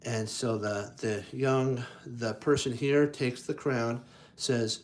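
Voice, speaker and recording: A man reading children's picture books aloud and commenting on the pictures, halting often to correct himself and playing up the sound effects with enthusiasm. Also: medium pitch. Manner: halting, with frequent restarts and self-corrections. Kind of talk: casual read-aloud with commentary.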